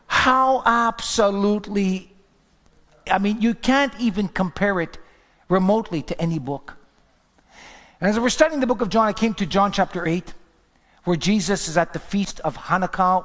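A man's voice: high voice, animated, normal speed, fairly bright tone. A man preaching a sermon as pastor, fervent and emphatic. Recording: long hall reverb.

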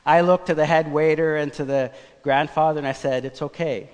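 A man preaching a sermon, telling a personal story in a conversational, animated way. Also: on the high side, brisk, clear, resonant tone. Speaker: pastor. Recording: long church reverb.

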